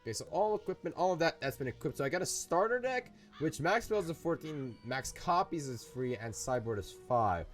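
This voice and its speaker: A man's voice: on the high side, expressive, fairly quick, few pauses. A young gamer talking through a fantasy game, rambling, playful and often stopping to fix his words. His voice rises and falls a lot. Faint game music plays underneath. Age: young adult. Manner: rambling, self-correcting, playful. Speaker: gaming YouTuber. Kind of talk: let's play commentary.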